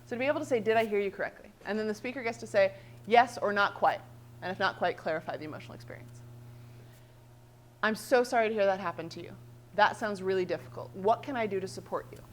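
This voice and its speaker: A woman trainer presenting a workshop, lively and animated, often checking in with "right?". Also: medium pitch, fast, slight background noise.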